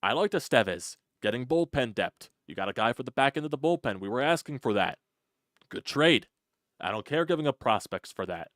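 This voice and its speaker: This sports channel host reacts in a ranting monologue, exasperated and repetitive, and uses a put-on voice to mock people. His medium-pitched, fairly bright voice swings widely in pitch and moves a little fast. The recording is studio quality with no echo.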